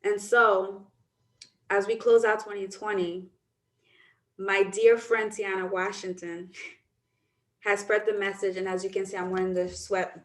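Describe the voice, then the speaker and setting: A young adult woman podcast host who leads a guided visualization with slow, soothing, drawn-out phrasing. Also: mid-range voice. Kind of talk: guided visualization and reflective talk. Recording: roomy echo.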